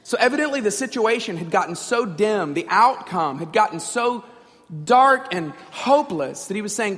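High-voiced preacher in a reverberant hall. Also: male voice, lively intonation, normal speed, a bit bright. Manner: direct, conversational, asks the audience questions. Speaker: pastor. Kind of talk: sermon. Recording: long reverb in a large hall.

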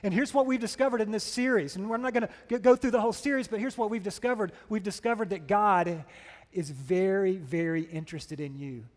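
A pastor preaching a sermon, telling stories with animated energy and checking in with "right?". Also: male voice, sits high, brisk, long reverb tail. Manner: animated storytelling, keeps asking "right?".

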